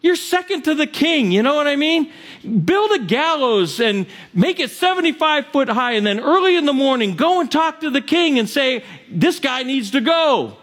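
A pushy, brash wife, as a male preacher puts her on, her voice pitched well above his own and slightly louder. She eggs her husband on with scheming eagerness in a sermon story. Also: big pitch swings, normal speed, heavily acted. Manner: brash, egging on. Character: scornful Persian queen's husband's wife, a woman.

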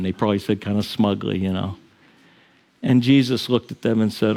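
A man's voice: medium pitch, a little fast. A middle-aged man preaching a sermon to his congregation in a church, earnest, chuckling between points. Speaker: pastor. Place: church sanctuary.

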